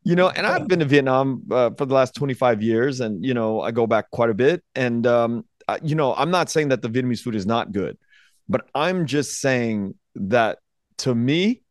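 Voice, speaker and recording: A middle-aged man hosts a podcast in a loose, unhurried way, often stopping and starting his sentences. His voice is recorded close and dry, with no room sound. His pitch sits in an ordinary middle range. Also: no echo. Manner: relaxed, hesitant, many restarts. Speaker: podcast host. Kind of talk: casual interview conversation.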